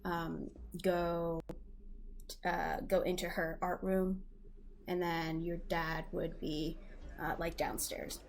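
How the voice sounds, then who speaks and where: Relaxed woman game master, full of fillers. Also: fairly low pitch, slow, vocal fry, slight background noise. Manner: casual, many fillers like um and like. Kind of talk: narrating a tabletop game.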